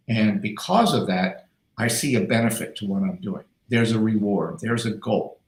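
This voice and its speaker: A middle-aged man hosting a podcast, telling stories in a casual, animated and emphatic way. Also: lowish voice. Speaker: podcast host, doctor. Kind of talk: casual chat, storytelling. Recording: echoey room.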